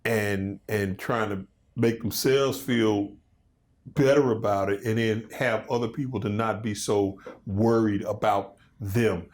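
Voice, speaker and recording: A man in his fifties, a comedian and guest, telling stories in a loose, animated way in a casual interview chat. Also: fairly low pitch, measured pace. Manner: animated storytelling, loose and conversational.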